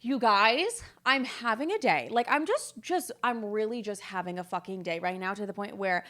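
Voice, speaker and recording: On her own podcast, a woman in her twenties talks casually and candidly, drifting from point to point, swearing often and voicing other people's words. Her medium-pitched voice is expressive and a bit bright, at a moderate pace.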